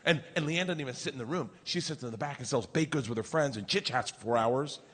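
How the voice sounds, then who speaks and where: Profane stand-up comedian in a big hall. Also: male voice, medium pitch, slightly rough. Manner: loud, profane, acts out family members in quick voices. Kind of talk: stand-up storytelling. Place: large comedy venue, indoors. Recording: live venue with long reverb and audience noise. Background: crowd laughter and ambience.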